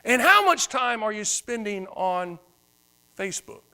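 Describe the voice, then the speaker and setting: A man preaching a sermon as pastor, swinging from loud emphatic lines to hushed quiet ones. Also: high voice, big pitch swings, unhurried, clear, resonant tone.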